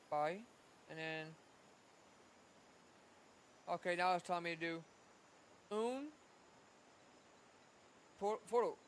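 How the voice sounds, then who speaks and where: This man's voice is high and a bit bright, with fairly even intonation, a slow pace, and frequent pauses over slight background noise. Streaming casually while he practices on a language app, he sounds out foreign words again and again, talking to himself. He gets easily frustrated and turns self-deprecating.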